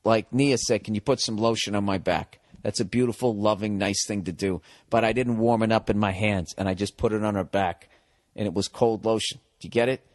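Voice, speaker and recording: Guy on a podcast going off on a rant, swearing constantly, fairly low voice, dry close mic. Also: fairly quick, dry recording. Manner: profane, animated, goes off on tangents. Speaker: podcast host. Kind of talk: casual comedic rant.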